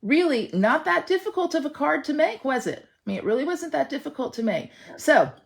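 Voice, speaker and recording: A woman's voice: high voice, very animated, brisk, vocal fry. A woman leading an online stamping class in a casual, chatty way, talking directly to viewers and reassuring them as she works. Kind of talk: casual craft demonstration.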